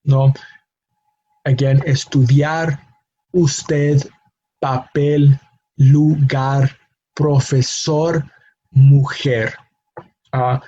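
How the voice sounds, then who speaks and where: A man teaches pronunciation rules, pausing often with fillers and repeating each example word. His voice is mellow and husky and stays flat in pitch. The recording sounds dull and lo-fi. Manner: slow, hesitant with many fillers, repeats example words. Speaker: Spanish teacher.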